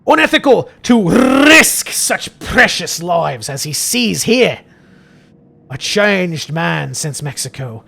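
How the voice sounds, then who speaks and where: A man reading a diary aloud as a Scottish-accented priest, slow and theatrical, rolling his Rs heavily. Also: high-pitched, sing-song, creaky, bright, forceful tone, heavily acted. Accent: Scottish, exaggerated put-on. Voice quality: heavy rolled Rs.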